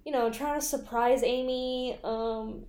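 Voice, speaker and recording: Woman, fairly high voice, chatty co-host, roomy echo. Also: steady tone, unhurried, dark tone. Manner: chatty, laughs often and quotes characters. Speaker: podcast co-host. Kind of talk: casual chat. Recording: echoey room.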